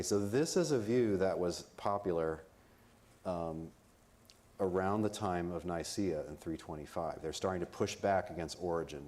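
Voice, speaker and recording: A man with a low, deep voice lecturing at a conference. He keeps things informal and chatty, breaking up his explanations with jokes and quick asides. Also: darkish tone. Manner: conversational, joking, explains in plain terms. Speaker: conference speaker. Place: conference venue.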